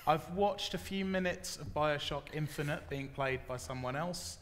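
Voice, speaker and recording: A man's voice: on the high side, moderate pace, a bit bright. A man on a live podcast panel, talking in a rambling, self-deprecating way. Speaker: podcast panelist and script writer. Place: stage at a live convention. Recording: echoey hall at a live event.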